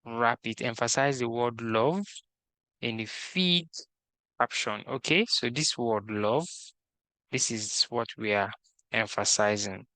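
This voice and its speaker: The recording is dry, and the man's mid-range voice sounds pushed and bright. He guides viewers through a screen-recorded coding tutorial at a slow, methodical pace, reading every task instruction aloud and narrating his process.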